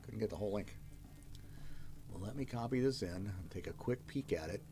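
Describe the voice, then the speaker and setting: A man's voice: lowish voice, a little fast, long pauses, music in the background. A man hosting a livestream, chatting casually with viewers, thinking aloud and thanking them often. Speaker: livestream host reading requests aloud.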